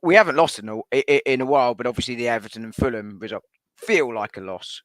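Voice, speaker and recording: A man as guest pundit on a casual football chat stream over a video call, analytical and quick to laugh. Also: medium pitch, fairly bright tone, dry recording. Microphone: home computer mic on a video call.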